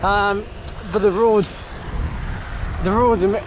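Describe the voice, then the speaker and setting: Guy talking to his camera on a bike ride, high voice, lots of um and like, noisy outdoor sound. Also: steady tone, takes it slowly, dull audio. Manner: chatty, rambling with many fillers. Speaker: cyclist vlogger. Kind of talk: casual vlog to camera. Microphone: handheld camera outdoors.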